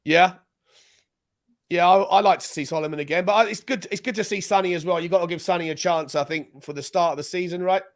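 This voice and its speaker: A man's voice: high voice, fast talker. A man from Britain hosting a casual live watchalong, talking loosely and often restarting his sentences. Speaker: host.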